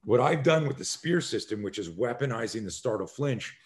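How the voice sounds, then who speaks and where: Animated man in his sixties explaining. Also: medium pitch, fairly quick. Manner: acts out scenes with sudden shouted exclamations, swears freely; energetic, emphatic, rambling explanations. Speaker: self-defense instructor, podcast guest. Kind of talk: animated conversational storytelling.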